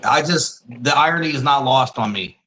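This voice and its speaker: A man hosting a conversational interview, reflecting on his guest's story in quick listed phrases. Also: medium pitch, pushed and bright, rough recording. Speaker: podcast host.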